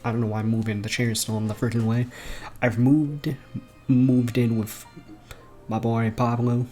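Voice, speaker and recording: A young man rambling excitedly about video games in a casual home vlog, laughing often and swearing casually. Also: medium pitch. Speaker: gaming vlogger. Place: bedroom at home.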